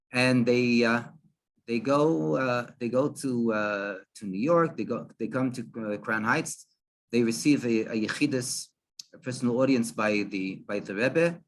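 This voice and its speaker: A man, a rabbi, telling a story in a halting way, with many restarts and fillers. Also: mid-range voice. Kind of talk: storytelling talk.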